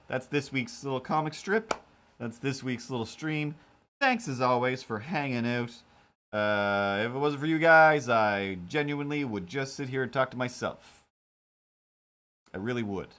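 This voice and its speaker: A man's voice: medium pitch, lively intonation, measured pace, fairly bright tone, slight background noise. A man hosting a casual live stream while drawing, talking in a rambling, self-deprecating way with lots of fillers. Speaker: live-stream host and cartoonist.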